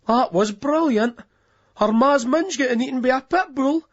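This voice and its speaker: Mouthy young clubber, woman, male reader, husky lo-fi. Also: extremely high pitch, normal speed, voice pushed up. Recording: dull lo-fi audiobook.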